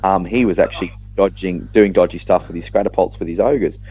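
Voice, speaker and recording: An Australian podcast co-host tells a gaming story in casual chat, with many quick restarts. His voice is very low and mellow, and the dry recording sounds a little dull and lo-fi with a faint hiss or hum.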